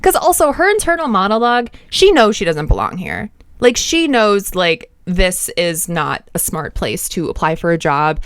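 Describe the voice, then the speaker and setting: A woman's voice: lowish voice, very animated, normal speed, clean tone, no room sound, clean studio sound. A woman hosting her own channel, giving a casual, rambling book review full of "like" fillers and talking straight to viewers. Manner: chatty, talks straight to viewers.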